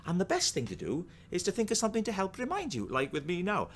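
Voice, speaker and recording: A man's voice: high voice, wildly swooping pitch, fast, a little hiss or hum. A middle-aged man with a Welsh accent, playing a chatty sitcom character who patiently explains things in a folksy way. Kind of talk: scripted TV comedy acting.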